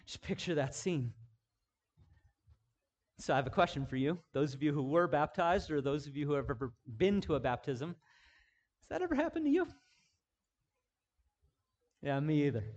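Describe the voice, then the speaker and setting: A man preaching a sermon in a high-pitched voice, taking his time over each phrase. He drops to a near hush, then rises to loud, emphatic declarations. He repeats key words to drive them home. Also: lively intonation, unhurried, long pauses. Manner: swings from hushed intimacy to loud emphatic preaching. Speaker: pastor.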